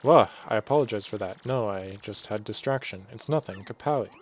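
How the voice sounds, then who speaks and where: A man voicing a jittery male bob-omb villager who speaks loud broken English and adds blast sounds to his lines. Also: on the low side, a little fast, close to an everyday voice. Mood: jumpy.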